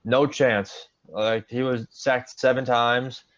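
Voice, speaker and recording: A man's voice: medium pitch, steady tone, slow, fairly bright tone. A young man co-hosting a sports podcast, chatting casually, joking and rattling off stats. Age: young adult. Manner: rambling, jokey, quotes stats. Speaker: podcast co-host. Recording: dull lo-fi podcast audio.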